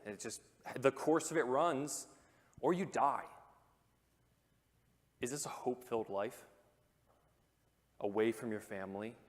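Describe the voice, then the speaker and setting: Man preaching in a reverberant church hall. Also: medium pitch. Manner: conversational and animated, with joking asides and dramatic hushed pauses. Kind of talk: sermon. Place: church auditorium.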